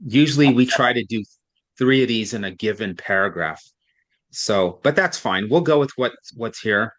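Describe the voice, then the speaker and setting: Male reading tutor, middle-pitched, patient, explains step by step and checks in often. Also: lively intonation, moderate pace.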